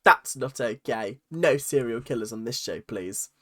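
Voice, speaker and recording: Bright-voiced chatty male reaction host. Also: mid-range voice, animated, unhurried. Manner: chatty, exaggerated, frequent mock voices. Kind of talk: casual reaction commentary.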